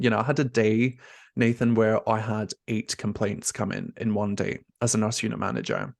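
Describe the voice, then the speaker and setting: A young man's lowish voice carries some vocal fry, at normal speed, in a clean, echo-free studio recording. He's a nurse coach opening up emotionally as an interview guest in a candid conversation, with a steady flow of "like" and "you know."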